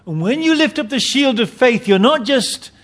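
A man's voice: very high-pitched, lively intonation, normal speed, fairly bright tone. A man preaching a sermon, emphatic, often repeating and restarting his phrases.

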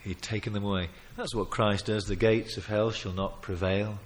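Man preaching with loud emphatic swells. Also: fairly low pitch, flat delivery, normal speed, slight background noise. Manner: emphatic, with sudden loud swells and quiet asides; chuckles while telling stories. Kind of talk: sermon.

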